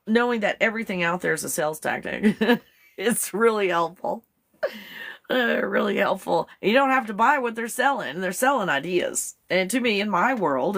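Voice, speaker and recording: On a casual live stream recorded with a phone, a woman with a mid-range, fairly bright voice and some vocal fry rambles chattily. She giggles often and keeps breaking off to talk to her dog.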